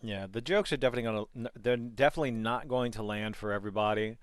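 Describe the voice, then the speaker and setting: A man co-hosting a casual podcast chat over a headset, talking in animated, profane bursts with lots of restarts. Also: on the low side, very fast, clean tone, dry recording. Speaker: podcast co-host.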